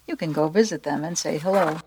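Woman storyteller, slightly low pitch, playful expressive read-aloud. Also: brisk, slight background noise. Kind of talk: storybook narration and short devotional.

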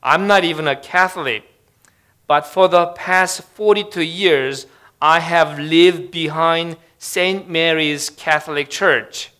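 A man's voice: on the high side, takes it slowly, sharp tone, smooth. A man voicing a little old man in a joke he tells, speaking in a solemn voice.

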